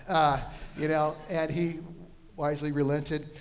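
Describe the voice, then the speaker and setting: A man's voice: on the high side, flat delivery, normal speed. A middle-aged male pastor preaching a sermon in a conversational, anecdotal way, with self-deprecating asides. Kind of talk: storytelling sermon.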